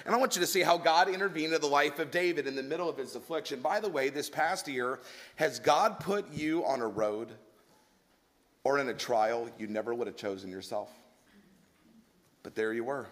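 A man's voice: mid-range voice, a bit bright. A man preaching a sermon, earnest and emphatic, telling stories and asking the congregation rhetorical questions.

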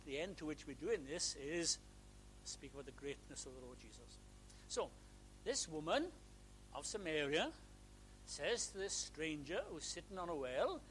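A man's voice: fairly high pitch, lively intonation, moderate pace, a bit bright, a little hiss or hum, rough recording. A man preaching a sermon, earnest and plain-spoken, rising to fervent repeated emphasis.

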